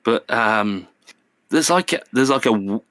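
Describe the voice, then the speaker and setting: A man's voice: mid-range voice, animated, measured pace, fairly bright tone, dry recording. An English man as a podcast guest, talking in a wordy, apologetic way and often breaking off to restart. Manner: apologetic, wordy, self-interrupting. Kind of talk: casual chat.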